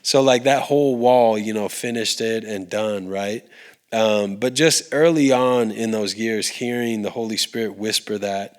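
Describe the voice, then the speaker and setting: A man's voice: fairly low pitch, a little slow. A man, a podcast guest, sharing his faith story in an earnest, heartfelt way, with restarts and fillers. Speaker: podcast guest, recording artist. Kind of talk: earnest conversational faith testimony.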